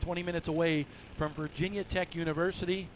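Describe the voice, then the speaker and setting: A man's voice: fairly high pitch, flat delivery, quick pace, slight background noise. A man from the North Carolina mountains, chatty and folksy as he announces a stock car race. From western North Carolina. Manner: chatty, folksy, joking with his co-host. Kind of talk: live racing commentary.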